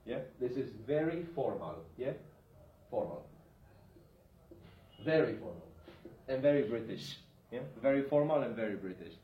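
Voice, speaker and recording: A man's voice: medium pitch, lively intonation, a little hiss or hum. Man, teacher, classroom lesson, asks "yeah?" often, far from the mic, dull lo-fi sound. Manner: checks in with frequent "yeah?"; repeats example sentences slowly. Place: classroom with a whiteboard. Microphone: far from the speaker. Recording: echoey, distant, dull lo-fi room recording.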